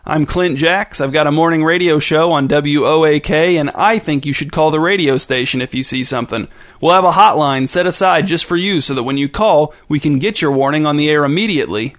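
A man's voice: on the high side, fairly quick, natural voice. A man voicing a brash middle-aged male radio host who talks eagerly, like a salesman. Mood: pushy.

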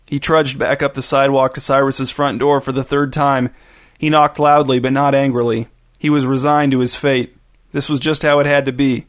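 A man reading a story aloud in a steady, even narrating voice. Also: medium pitch, moderate pace.

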